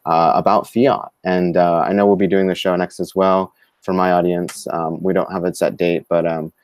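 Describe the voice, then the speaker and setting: A man co-hosting a live-streamed talk show, speaking in a halting way with many fillers and restarts. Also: low voice, level tone. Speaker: co-host. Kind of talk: live-streamed casual discussion.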